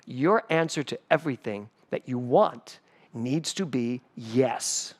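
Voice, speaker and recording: A man's voice: medium pitch, slow. A middle-aged man, the spiritual director of a church, giving a sermon full of personal stories and acting out the voices of people in them. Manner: animated, acts out voices in stories. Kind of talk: storytelling sermon. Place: church sanctuary, livestreamed service.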